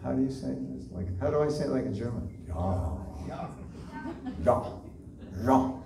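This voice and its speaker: A man's voice: medium pitch, quick pace, vocal fry. A man giving a devotional lecture at a temple class, talking in a conversational way, asking the listeners questions and using many fillers. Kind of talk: devotional lecture to a live group. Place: temple hall. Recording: echoey hall, voice from far off, faint noise.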